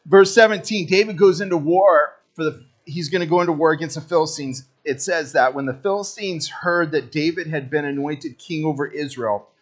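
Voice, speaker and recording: A man preaching a sermon as pastor, casual and joking, talking straight to the congregation. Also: a little high.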